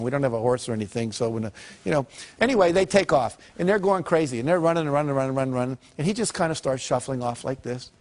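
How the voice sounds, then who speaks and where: An older man giving a motivational talk and telling lively stories, acting out the people in them. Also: fairly high pitch, fast. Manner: lively storyteller who acts out quoted characters. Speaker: motivational speaker.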